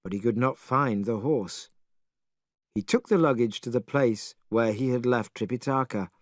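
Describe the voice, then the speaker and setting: A man narrating a storybook clearly and expressively for English learners. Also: medium pitch, normal speed, dry recording, studio quality.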